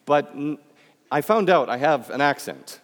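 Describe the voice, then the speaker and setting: A man with a Midwestern American accent gives a talk to an audience, joking and chatting with them directly. His pitch swings widely and stays animated. His voice rings with the long reverb of a large hall. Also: unhurried. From Michigan, USA. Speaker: speaker giving a talk.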